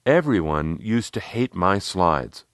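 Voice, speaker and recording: A man voicing a playful, outspoken woman who speaks slowly and draws out her words. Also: deep voice, big pitch swings, no echo, studio quality, full character voice. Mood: amused.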